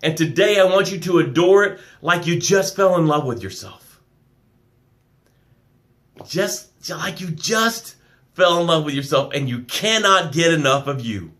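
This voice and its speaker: A man's voice: fairly high pitch, lively intonation, measured pace, a bit bright. A man running a motivational live stream as a business coach, reading out viewer comments and talking emphatically and affectionately.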